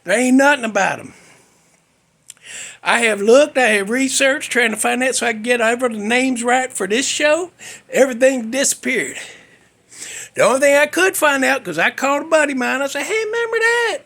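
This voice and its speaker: A man's voice: very high-pitched, normal speed, gravelly, pushed and bright. A male podcast host telling a story in a casual, folksy, rambling way, cussing freely.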